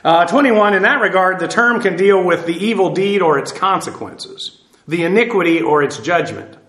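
A man's voice: high voice, expressive, moderate pace, a bit bright, reverberant. A middle-aged man preaching, teaching verse by verse in a plain conversational way with many fillers and restarts. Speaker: pastor. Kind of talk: sermon.

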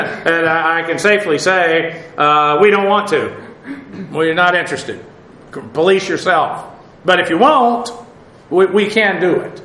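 A pastor giving expository Bible teaching, speaking in a measured way with many pauses and fillers and spelling out Greek words letter by letter. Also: male voice, fairly high pitch, pushed and bright, echoey room, low-quality recording.

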